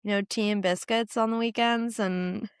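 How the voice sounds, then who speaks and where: A woman's voice: mid-range voice, steady tone, normal speed, clean tone, dry recording, clean studio sound. Frank, giggly woman podcast host. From United States. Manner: chatty, laughs often, frank. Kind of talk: casual chat.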